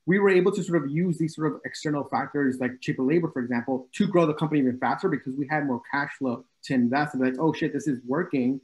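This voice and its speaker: Quick-talking man hosting an interview. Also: a little high, poor audio. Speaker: interview host. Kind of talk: casual interview chat.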